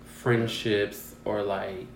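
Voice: low-pitched, level tone, drawn-out words, gravelly, slight background noise. A co-host in casual podcast chat, reflective and chatty. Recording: roomy echo.

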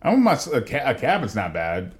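Low-key man with a very lively voice. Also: fast. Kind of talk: casual chat.

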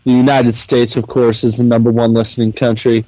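A man hosting a wrestling podcast in casual chat, giving upbeat shout-outs and show updates. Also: medium pitch, little pitch movement, a little fast. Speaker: podcast host. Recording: dry, slightly dull sound.

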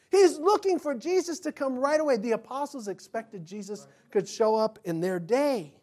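Middle-aged male pastor, animated sermon delivery, acts out voices, chuckles. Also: very high-pitched, normal speed.

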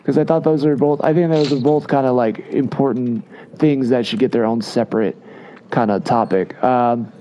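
Mellow-voiced man hosting a casual podcast. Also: mid-range voice, steady tone, moderate pace. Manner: rambling, steering the discussion with fillers. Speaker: podcast co-host. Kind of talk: casual chat.

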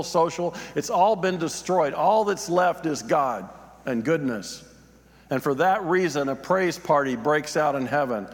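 A man's voice: on the high side, long reverb tail. A man, a pastor, preaching a sermon, reading scripture aloud and then explaining it in plain talk, rising in emphasis on his points.

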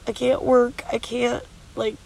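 A woman's voice: on the high side, flat delivery, unhurried, creaky, dark tone, rough recording. A woman vlogging candidly outdoors at the beach, worn out from no sleep and tearful with a stuffy nose, talking in a weary, rambling, blunt way with swearing. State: exhausted and sleep-deprived. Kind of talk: candid confessional vlog.

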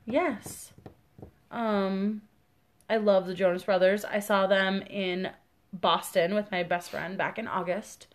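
A woman's voice: medium pitch, steady tone, slow. A young Midwestern woman co-hosting a podcast, chatting casually and enthusiastically with plenty of fillers. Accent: Midwestern American. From American Midwest. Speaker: podcast co-host. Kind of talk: casual chat.

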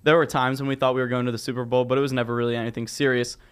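A man hosting a casual sports podcast, teasing his co-hosts and steering the talk in an animated way. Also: medium pitch, rapid-fire, smooth. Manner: teasing, animated, mock-defensive. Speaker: podcast host.

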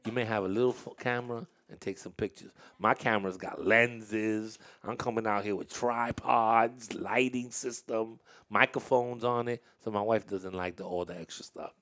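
A man's voice: fairly low pitch, steady tone, moderate pace, hardly any pauses, a bit bright. A man hosting a casual interview with young dancers, talking in a chatty, storytelling way with frequent laughs and restarts.

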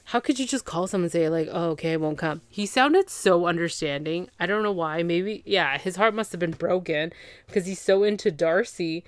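A woman's voice: on the low side, normal speed, dry recording. A woman hosting a podcast, casually recapping reality TV in an opinionated, gossipy and exasperated way.

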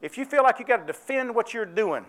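High male voice, down-home church preacher, faint music bed. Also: animated, fast talker, fairly bright tone. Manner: folksy, conversational preaching with call-and-response questions. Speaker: pastor. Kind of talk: sermon.

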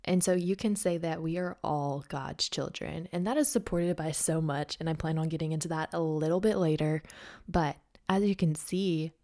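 Young woman, low-pitched and slightly raspy, upbeat chatty podcast host. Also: moderate pace, warm tone. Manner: bubbly, chatty, encouraging. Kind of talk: casual faith podcast talk.

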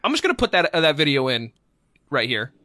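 A man's voice: a little high, very animated, quick pace, sharp tone, no room sound. A man hosting a podcast in casual chat, rambling and cursing in frustration. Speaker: podcast host.

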